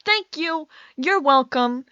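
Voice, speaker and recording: A young woman, a gaming YouTuber and native Dutch speaker, rambles casually while playing, often stumbling, interrupting herself and restarting sentences with stammers. Her voice is high, animated and sharp-toned, with a slow pace. The recording is muffled with no room sound.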